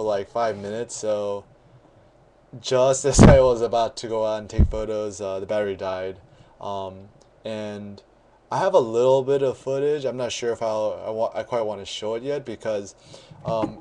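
A man vlogging about his camera gear in a relaxed, rambling way, full of ums and restarts. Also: medium pitch, slight background noise. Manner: relaxed, many ums and restarts, chatty storytelling. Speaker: photography vlogger. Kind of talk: casual rambling vlog.

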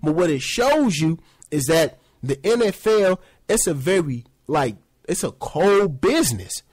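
A man giving a casual sports opinion rant, acting out other people in high mocking voices. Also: big pitch swings, measured pace, darkish tone, slightly rough, no room sound. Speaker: sports commentary host.

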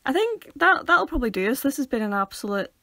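A young woman from near Derry, Northern Ireland, speaks quickly in a high voice with a Northern Irish accent and no room sound. Co-hosting a casual podcast chat, she's an animated storyteller who acts out quotes and laughs a lot.

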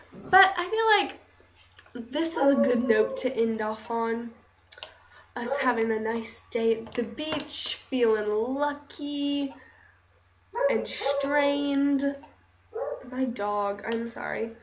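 Slow, giggly woman in an echoey room. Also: on the high side, background noise. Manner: giggly, rambling, self-conscious. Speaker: let's play host. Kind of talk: casual gameplay commentary. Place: at home.

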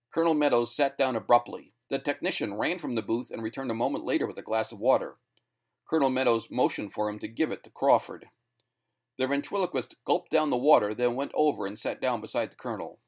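A man's voice: medium pitch, fairly quick. Man narrating a sci-fi story. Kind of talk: scripted narration.

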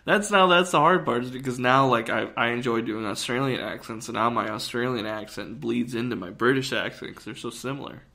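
A young man co-hosting a podcast, talking in a rambling, animated way. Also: mid-range voice, a little fast, gravelly, hardly any pauses. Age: young adult. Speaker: podcast co-host. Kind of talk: casual chat.

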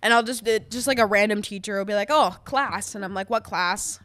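A woman's voice: mid-range voice, a little fast, a bit bright. A young woman guest on a podcast, chatting casually with many fillers and laughs. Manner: hesitant, filler-heavy, giggly. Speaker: podcast guest, video creator.

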